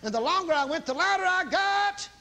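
A middle-aged man preaching, telling a story with animated bursts of loud repeated commands. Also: extremely high pitch, a little fast. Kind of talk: sermon storytelling.

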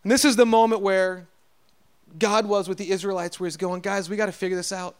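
A pastor delivers an earnest sermon in a high-pitched, smooth voice. He calls out to his congregation, then drops softer to stress his points.

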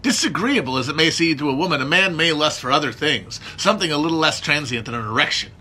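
A man performing a monologue as an embittered aging male hospital doctor, ranting bitterly and building to shouts. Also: a little high, animated, fast, breathy edge, full character voice.

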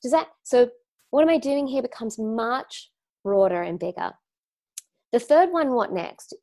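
A woman's voice: on the high side, lively intonation, measured pace, mellow. A woman with an Australian accent giving a live online talk to students, speaking reflectively and conversationally, with frequent fillers and restarts. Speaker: wellness teacher.

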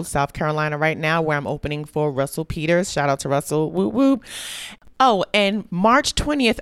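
A woman's voice: fairly low pitch, clean tone, no room sound. A woman in her thirties hosting a casual podcast from a home kitchen, joking and upbeat. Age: 30s. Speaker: podcast host and comedian.

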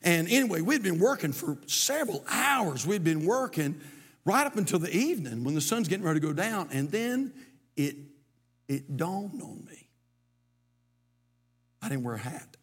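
A man's voice: high-pitched, very animated, moderate pace, pauses often, fairly bright tone, slightly rough. A middle-aged man, preaching a sermon as pastor, moving from folksy storytelling to emphatic preaching. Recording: long hall reverb.

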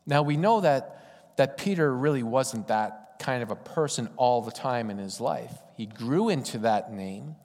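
A man's voice: medium pitch, expressive, measured pace, a little mellow. A man preaching a sermon in a conversational, folksy storytelling way. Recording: long hall reverb.

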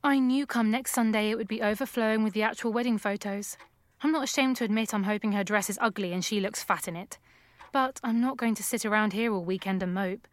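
A woman narrating an erotic audio story in a soft, unhurried first-person reading. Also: medium pitch, no echo. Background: music.

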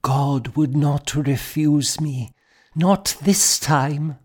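A man's voice: fairly high pitch, very slow, voice pushed up. A man voicing a frail, devout older mother who speaks in a whisper. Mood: tender.

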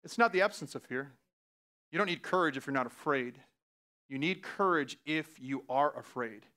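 A man preaching a sermon as pastor, talking in a casual, laughing way and swinging from hushed lines to loud outbursts. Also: fairly high pitch, expressive, moderate pace.

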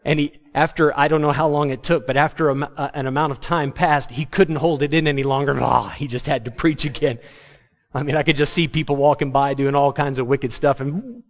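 A man preaching a sermon to his congregation, animated and humorous, acting out the words of biblical figures. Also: on the high side, a little fast. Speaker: pastor.

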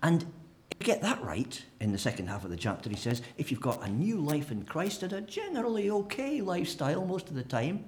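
A man preaching a sermon, animated and humorous, acting out the voices of imagined people. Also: on the high side, brisk, a little hiss or hum. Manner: animated, acts out imagined speakers with humour.

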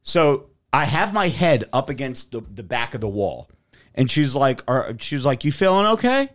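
A man's voice: mid-range voice, normal speed. A young man telling a story in casual chat, swearing freely and acting out what others said. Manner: profane, animated, acts out quotes. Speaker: podcast host telling a story.

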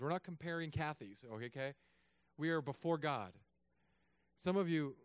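A man, a pastor, preaching a sermon in a casual joking way, moving between quiet asides and loud emphatic stretches. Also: medium pitch, clean tone, no echo. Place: church.

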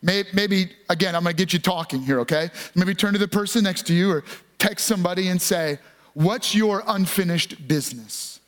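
A man preaching a sermon as a pastor, earnest and emphatic, slowing down to stress key phrases. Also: high-pitched, a bit bright.

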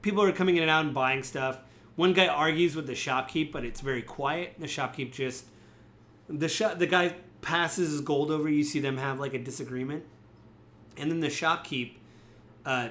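A man's voice: fairly high pitch, moderate pace, a bit bright, slight background noise. A man narrating a tabletop game as game master, talking casually and rambling with many fillers.

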